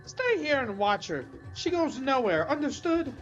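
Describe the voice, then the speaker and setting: A woman's voice: high voice, sing-song, measured pace, highs cut off, soft background music, pitched above the performer's own voice. A woman voicing a pompous, impatient male castle lord giving orders to a guard. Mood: haughty. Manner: pompous, commanding. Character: small, haughty male castellan, pompous and impatient.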